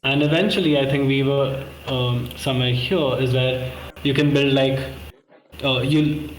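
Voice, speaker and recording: A man's voice: mid-range voice, fairly even intonation, measured pace, reverberant, a little hiss or hum, low-quality recording. A man walking through a model on a video call, rambling and correcting himself with many fillers. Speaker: course participant presenting a model. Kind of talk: casual screen-share walkthrough.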